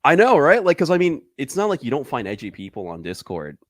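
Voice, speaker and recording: A man's voice: fairly high pitch, huge pitch swings, a little fast, no echo, studio quality. A man in casual conversation, talking loosely with lots of fillers and frequent laughs. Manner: loose and rambling, heavy on fillers, laughs often. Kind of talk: casual chat.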